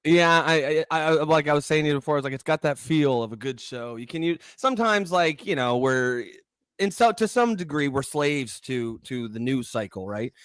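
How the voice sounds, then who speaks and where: A man's voice: fairly high pitch, lively intonation, normal speed, fairly bright tone, clear, resonant tone, dry recording. A man from Newfoundland and Nova Scotia co-hosting a political talk show, rambling and restarting his sentences. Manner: rambling, stop-start, repeats words. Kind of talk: casual live show banter.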